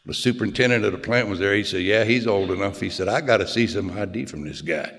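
An older man tells his own story with folksy, plain-spoken, self-mocking humor. His voice sits on the low side and sounds gravelly and fairly bright, and he talks at a quick pace. The recording carries a long hall reverb.

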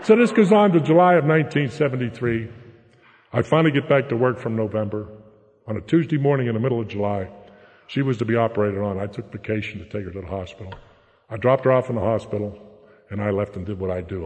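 Speaking fast in a fairly low, darkish voice, this older man from around Pittsburgh shares his recovery story at a meeting in blunt, plain terms, often tacking on "okay?". It was recorded in an echoey hall with muffled, low-fidelity sound.

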